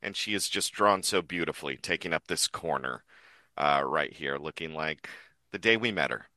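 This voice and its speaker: A man's voice: moderate pace, no echo, clean studio sound. A man chatting casually on a podcast, reading comic pages aloud and slipping into silly voices for the characters. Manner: animated, puts on silly high voices for characters. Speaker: podcast guest.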